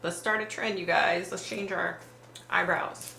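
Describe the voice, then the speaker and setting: Low bright-toned lady chatting on her livestream, blunt, giggly, swears a lot, echoey room. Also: fairly even intonation, unhurried, creaky. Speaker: livestream host. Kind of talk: casual live chat reading viewer comments. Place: warm room under bright lights. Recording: roomy echo.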